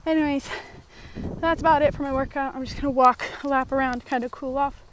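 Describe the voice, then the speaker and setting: A woman vlogging outdoors on a park trail, her voice sitting a little high. She talks to the camera in a loose, chatty way, with plenty of fillers and restarts. There is a faint hum of background noise behind her. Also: steady tone, brisk. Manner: chatty, rambling, lots of fillers. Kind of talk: casual chatty vlog.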